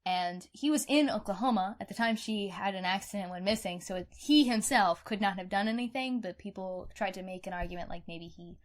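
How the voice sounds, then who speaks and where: A woman co-hosting a true-crime podcast in casual chat, animated and outspoken, swearing freely. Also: medium pitch, a little fast, few pauses. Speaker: podcast co-host.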